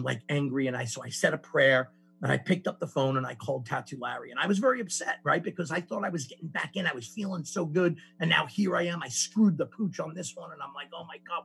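A man sharing his recovery story with a group, telling it in an animated way with many restarts. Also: on the high side, gravelly, husky. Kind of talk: personal testimony to a group.

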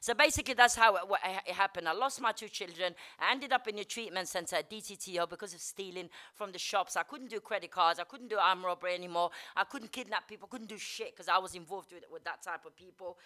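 A woman giving a blunt, candid personal recovery testimony, swearing freely and dropping many "you know"s. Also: medium pitch. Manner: fast and energetic, rising and falling in loudness. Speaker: speaker sharing at a recovery meeting.

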